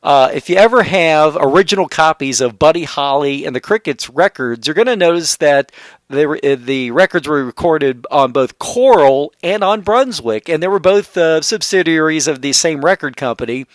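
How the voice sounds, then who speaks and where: A man hosting an oldies radio show, chatting casually about old records with lots of pauses and fillers. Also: on the high side, lively intonation, no echo. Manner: rambling, many "uh" fillers, trivia-sharing.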